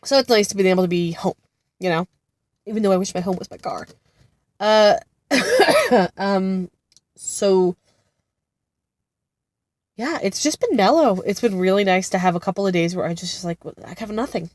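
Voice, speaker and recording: A woman's voice: medium pitch, expressive, moderate pace, pauses often, no room sound. A woman in her thirties who sounds congested from being sick, talking casually with lots of fillers and laughs as she rambles about her kids. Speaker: vlogger, mother of two. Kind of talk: casual chat. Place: sitting in a car-like space outside a therapy center.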